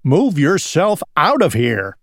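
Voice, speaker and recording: Bossy big storybook snake, read by a man; slow and commanding. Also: fairly high pitch, huge pitch swings, a bit bright, dry recording, clean studio sound, voice pushed up, exaggerated voice. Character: big territorial male snake.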